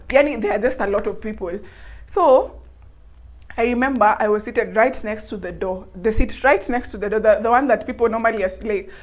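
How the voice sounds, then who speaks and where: A young Kenyan woman vlogger telling a story to camera in an animated, laughing way. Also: fairly high pitch. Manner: animated, laughing, mixing in local words.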